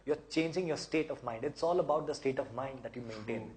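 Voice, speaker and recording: A man answers viewer questions in an easygoing advice chat. He speaks in an encouraging way and explains things at length, often repeating words as he goes. His voice sits at a middling pitch. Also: a little fast, a little mellow. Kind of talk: casual advice talk.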